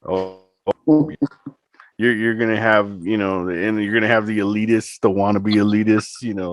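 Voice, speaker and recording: A man's voice: on the low side, fairly even intonation, moderate pace, no echo. A man hosting a podcast, chatting casually with many fillers. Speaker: podcast host. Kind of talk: casual chat.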